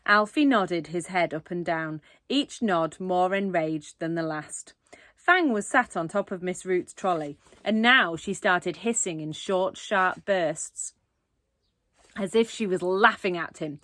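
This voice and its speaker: A woman's voice: lowish voice, takes it slowly, a bit bright, no echo. A woman reading a children's book aloud expressively, with asides to young listeners. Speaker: reader.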